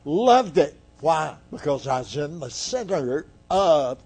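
An older man preaching a sermon in a slow, earnest way, with pauses between phrases. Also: a little high, sing-song, darkish tone, breathy edge. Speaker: guest preacher.

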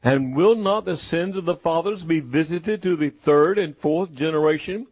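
A man preaching a sermon in a slow, emphatic, repetitive way. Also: fairly high pitch, darkish tone, husky, no echo.

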